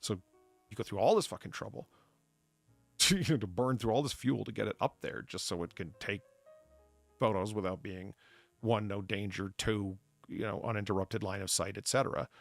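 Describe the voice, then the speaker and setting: A man's voice: fairly low pitch, normal speed, gravelly, soft background music. A man co-hosting a casual chat show, rambling and profane as he riffs on trivia. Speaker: podcast co-host.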